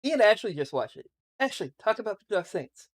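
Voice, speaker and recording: Podcast host dude, super animated voice, rambles and swears a lot, sarcastic. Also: male voice, high voice, brisk. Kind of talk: casual podcast chat.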